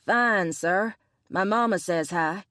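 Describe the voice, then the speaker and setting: A woman's voice: mid-range voice, takes it slowly, a bit bright, no echo, studio quality. A woman voicing a brash young mercenary. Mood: confident.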